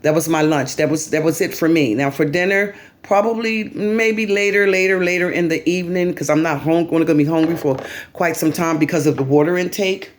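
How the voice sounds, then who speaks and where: A woman's voice: sits low, a little fast, a little hiss or hum. A woman talking to her channel in a casual commentary vlog, rambling and repeating herself with many fillers. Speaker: vlogger.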